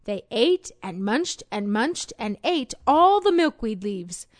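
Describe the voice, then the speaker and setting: Woman, children's read-along narration, expressive, sing-song, dry close recording. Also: a little high, takes it slowly, no room sound. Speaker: storybook narrator.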